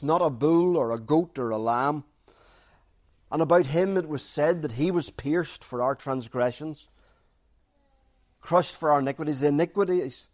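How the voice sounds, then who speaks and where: Higher-voiced man preaching a sermon. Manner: repeats key phrases for emphasis; shifts from loud stresses to quiet, intimate asides.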